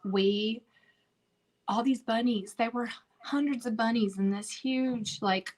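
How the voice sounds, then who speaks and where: A woman's voice: fairly high pitch, steady tone, slow, darkish tone. A middle-aged woman hosting a craft video, chatting and telling stories straight to her viewers as she works. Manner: chatty storyteller, talks to viewers directly. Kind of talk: casual chat while crafting.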